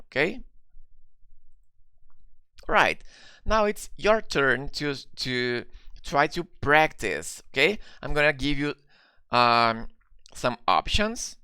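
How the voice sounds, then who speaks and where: Slow, gravelly male teacher. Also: mid-range voice, bright, forceful tone, no room sound. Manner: patient, explains step by step, often checks in with the class. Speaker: English teacher. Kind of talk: live online English lesson.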